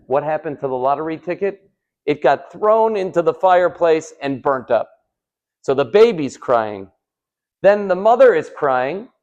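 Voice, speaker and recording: A man, a rabbi, giving a live Torah class, telling stories with rhetorical questions and Hebrew terms, swinging from loud to hushed. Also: fairly high pitch. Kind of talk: live sermon with storytelling. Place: synagogue hall.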